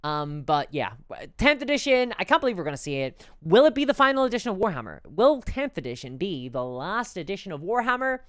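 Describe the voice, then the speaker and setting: A woman's voice: medium pitch, big pitch swings, fairly quick, dry recording, clean studio sound. A woman chatting casually on a live stream, reading out and answering chat messages, rambling and stumbling over her words.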